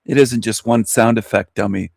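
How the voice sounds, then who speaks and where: A man's voice: fairly low pitch, fairly even intonation, moderate pace, vocal fry, a little mellow, no room sound, clean studio sound. A man hosting a show, mocking a video he is watching in a scornful, insulting rant. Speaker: host reacting to a video. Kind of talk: mocking live commentary.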